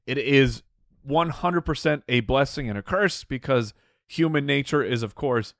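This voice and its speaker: A man's voice: mid-range voice, moderate pace, vocal fry, fairly bright tone, dry recording, studio quality. A man co-hosting a comedy podcast, chatting playfully in casual banter. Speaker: podcast co-host.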